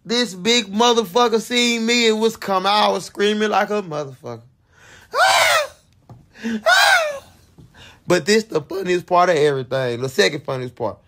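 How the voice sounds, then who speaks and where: A young man with a gravelly edge and a fairly high voice tells a wild story to his viewers. He talks casually and curses freely, jumping into loud re-enactments of his own screams and lines. It sounds like an unscripted vlog. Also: a little fast, few pauses, a little hiss or hum. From Fort Worth, Texas. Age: 20s. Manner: animated, profane, acts out his own screams and quotes. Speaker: vlogger.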